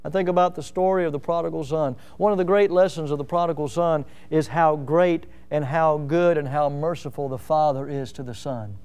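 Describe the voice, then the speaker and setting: A man preaching a sermon in a high voice with a smooth, resonant tone. He tells stories in a plain way and then builds to loud, emphatic peaks. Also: fairly even intonation, fairly quick, hardly any pauses. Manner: preaching with rising emphasis and storytelling asides. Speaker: pastor.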